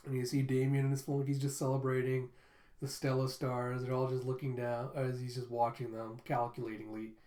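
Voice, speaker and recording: Male reaction host, casual rambling recap, mid-pitched voice, echoey room. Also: completely flat delivery, brisk, dark tone. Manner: casual, rambling, swears now and then. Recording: roomy echo.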